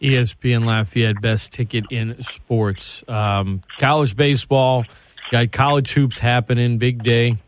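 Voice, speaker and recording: A man's voice: mid-range voice, steady tone, unhurried. A man hosting a sports talk radio show, teasing his guest in a wisecracking way.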